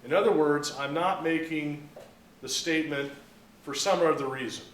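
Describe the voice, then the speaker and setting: A man's voice: a little high, moderate pace, a little hiss or hum. A man giving a business law lecture, explaining terms step by step and acting out a story to make a point. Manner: explains with acted-out anecdotes. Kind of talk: classroom lecture. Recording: roomy, mic at a distance.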